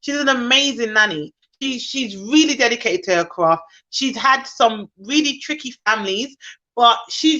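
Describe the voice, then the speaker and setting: Impassioned high-voiced woman with a Jamaican accent. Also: fairly bright tone, muffled recording. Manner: impassioned, indignant. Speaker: nanny podcast host. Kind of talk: casual video chat.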